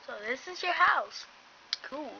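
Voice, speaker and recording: A woman voices every character in a homemade story, trading bickering, teasing lines. Her voice sits fairly high and bright, and she takes her time. The recording is dull and lo-fi with a faint hiss behind her. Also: animated, measured pace, gravelly, far from the mic. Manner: plays back-and-forth dialogue, bickering and teasing. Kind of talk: homemade story play, voicing several characters.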